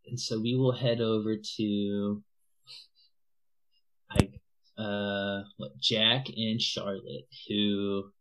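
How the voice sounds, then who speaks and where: A man narrating as game master of a tabletop role-playing game, talking in halting bursts full of restarts. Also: lowish voice, fairly bright tone, rough recording. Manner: halting, many restarts and fillers.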